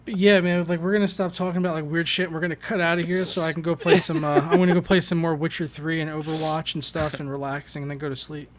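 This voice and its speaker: A man from the United States hosting a casual stream chat, talking quickly with lots of fillers and casual swearing. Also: on the high side, flat delivery, crowd noise. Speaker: host.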